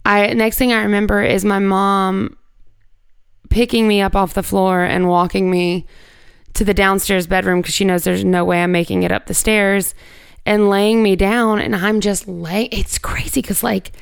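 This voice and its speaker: A woman's voice: mid-range voice, flat delivery, moderate pace, vocal fry, clear, resonant tone, no echo. A woman, an interview guest, telling a personal story in a casual, candid way, peppering her speech with "like" and the odd swear word. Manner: conversational, heavy use of "like", candid with swearing.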